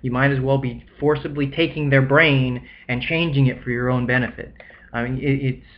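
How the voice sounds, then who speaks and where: A man's voice: mid-range voice, steady tone, moderate pace, lo-fi sound. A young man talking casually to camera, rambling with many restarts and acting out the people he quotes. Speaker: vlogger. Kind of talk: casual monologue.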